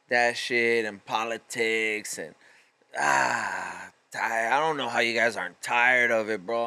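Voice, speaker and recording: A man's voice: mid-range voice, pushed and bright, clear, resonant tone. A man hosting a solo podcast, delivering a profane, fired-up motivational rant in casual street slang. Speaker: podcast host.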